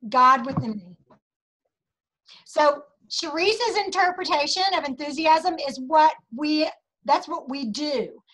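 A woman's voice: sits high, takes it slowly, a bit bright, low-quality recording. A woman leads a motivational sales meeting over a video call from her home office, enthusiastic and preachy, calling out to her listeners. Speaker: sales team leader.

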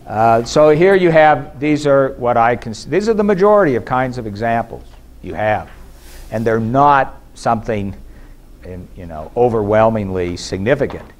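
A man giving a measured, explanatory academic lecture at a conference, pausing now and then with fillers and restarts. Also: medium pitch. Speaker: scholar giving a conference presentation. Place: conference hall.

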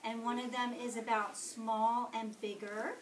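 Slow, expressive woman storyteller. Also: a little high, background noise. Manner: slow and expressive, asking the children questions. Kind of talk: reading a picture book aloud to kindergartners. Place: classroom. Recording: echoey classroom from far off.

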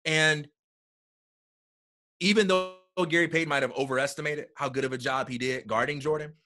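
A man talking as a guest in a casual conversation, animated and acting out quotes as he tells a story, heard over a video call. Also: fairly high pitch, moderate pace. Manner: animated storyteller, acts out quotes, repeats words.

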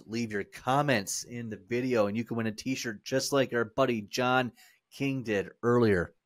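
A man's voice: mid-range voice, no echo, clean studio sound. A man co-hosting a podcast, chatting casually and telling stories in an easygoing way with fillers. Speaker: podcast co-host. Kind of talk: casual chat.

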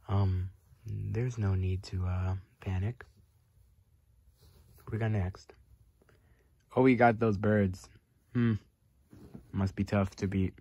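A man's voice: medium pitch, dry recording, studio quality. A YouTuber man giving casual reaction commentary, swinging between cheering and panicked repetition.

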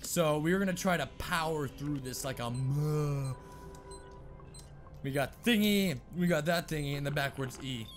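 Young man, game commentary, muttering and swearing, slightly high voice, faint music behind. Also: measured pace. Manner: swears often, mutters and whispers, then yells in panic. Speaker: gaming video host. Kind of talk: casual let's-play commentary.

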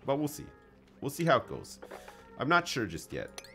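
A man's voice: medium pitch, wildly swooping pitch, moderate pace, fairly bright tone, faint music behind. A man casually commenting while he plays a game on a live stream, joking and chatting with his viewers. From Canada.

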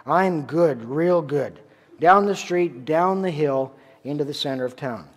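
Canadian-raised pastor preaching, slightly high voice. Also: male voice, a little slow. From Ontario, Canada. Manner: conversational storytelling, rhetorical questions. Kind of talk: sermon. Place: church sanctuary. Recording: long church reverb.

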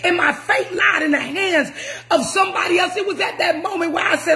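Brief: woman preacher, high voice, emphatic and repetitive, often shouting. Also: fairly quick. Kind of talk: sermon.

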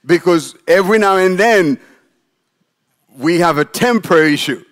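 A man preaching a sermon as pastor in a church, animated and demonstrative, putting questions to the congregation. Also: high-pitched, measured pace. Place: church sanctuary.

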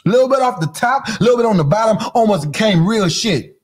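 Husky podcast guy going off, clowning everything, voice jumping all over the place. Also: high voice, lively intonation, quick pace. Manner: loud, mocking, repeats phrases, laughs a lot. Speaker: podcast host. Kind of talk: comedic commentary rant.

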